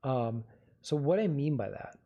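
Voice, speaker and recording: A man's voice: mid-range voice, animated, a little slow, dark tone, lo-fi sound. A man hosting a livestream, casually giving advice and answering viewer questions in a conversational way. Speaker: livestream host.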